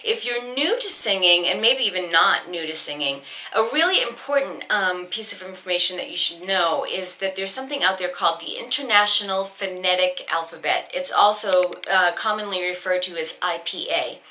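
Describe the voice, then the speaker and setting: A woman's voice: lowish voice, expressive, normal speed, hardly any pauses, sharp tone. A woman from Boston teaching a recorded singing lesson, talking in a chatty, explanatory way with plenty of ums and restarts while keeping her accent neutral. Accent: neutral American, trying to hide a Boston accent. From Boston, northeastern United States.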